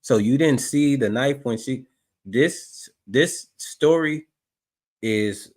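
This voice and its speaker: A man commenting on footage during a livestream, skeptical and halting, often restarting his sentences. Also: mid-range voice, darkish tone. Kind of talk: casual commentary over footage.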